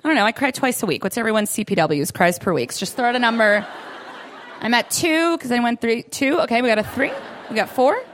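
On a comedy club stage, a young woman with a rather high, animated voice delivers a brisk, chatty, self-deprecating stand-up set. Audience laughter can be heard in the background.

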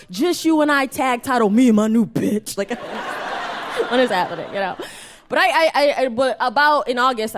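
A young adult woman with a fairly high voice performs a live stand-up set in a small venue. She's animated and self-mocking, and she often laughs at her own jokes.

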